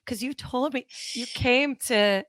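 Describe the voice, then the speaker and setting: A woman hosting a podcast who chats casually and talks in excited, gushing bursts. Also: fairly high pitch, a little slow, no room sound, studio quality. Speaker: podcast host.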